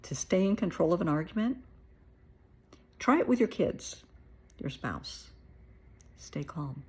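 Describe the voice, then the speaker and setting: A woman's voice: sits low, a little slow, pauses often, dark tone, husky. A middle-aged American woman therapist giving her blunt, plain-spoken opinions in a casual monologue. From United States.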